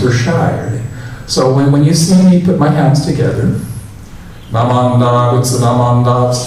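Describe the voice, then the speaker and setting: A man giving a relaxed, chatty dharma talk as a temple minister and leading loud chanting. He is recorded in a big, very echoey temple hall from some distance. Faint room noise sits behind him. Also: medium pitch.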